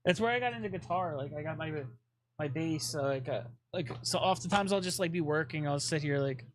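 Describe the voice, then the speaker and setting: A man's voice: fairly high pitch, brisk. A man chatting casually on a live stream, rambling with lots of fillers, swearing often and fidgeting restlessly.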